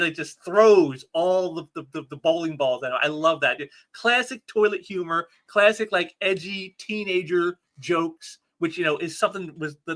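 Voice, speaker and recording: A man hosts a casual comic review vlog, rambling eagerly and restarting his sentences. His voice sits fairly high and has a bright, forward ring to it. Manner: enthusiastic, rambling with many restarts.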